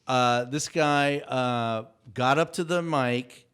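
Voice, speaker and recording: A man of Mexican heritage, a guest on a casual podcast interview, telling stories in a halting way with many restarts. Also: medium pitch, fairly bright tone, clean tone. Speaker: guest, cultural consultant for an animated show.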